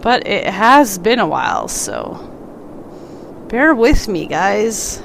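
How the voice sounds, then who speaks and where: Congested female game streamer, unhurried, lively pitch, casual rambling chat. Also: gravelly, slight background noise. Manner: rambling, talks to the game and a pet. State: congested, stuffy. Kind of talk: casual live-stream chat while playing.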